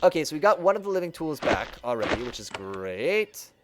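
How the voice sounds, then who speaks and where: Over very noisy audio, a young man streams a game with chatty, self-mocking commentary at his desk mic, thinking out loud as he plays. He talks fairly quickly in a fairly high voice with big swings in pitch.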